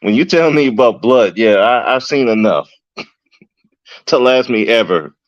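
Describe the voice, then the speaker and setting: A man rants through a casual podcast story, swearing freely and talking in slang while his pitch swings up and down. He stumbles over fillers and restarts. The sound is dull and lo-fi, recorded dry and close on the mic. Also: a little slow, dry recording. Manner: animated, profane, slangy, many fillers and restarts. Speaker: podcast host, correctional officer.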